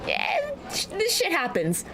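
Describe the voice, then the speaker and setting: A woman's voice: extremely high pitch, huge pitch swings, a little slow, noisy background. A woman co-hosting a let's-play, chatting casually in a joking, rambling way with some swearing. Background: game music.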